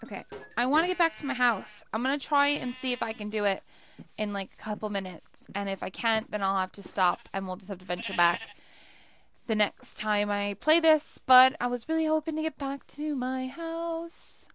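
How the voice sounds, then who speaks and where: A woman's voice: a little high, fairly even intonation, normal speed, a bit bright, a little hiss or hum. A young woman giving casual let's play commentary, chatty and laughing often as she talks to herself while playing.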